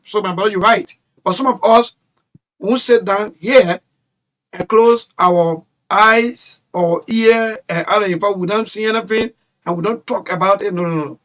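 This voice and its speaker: A man's voice: high voice, fairly bright tone. A man hosting a call-in radio talk show, emphatic and rambling as he talks to listeners.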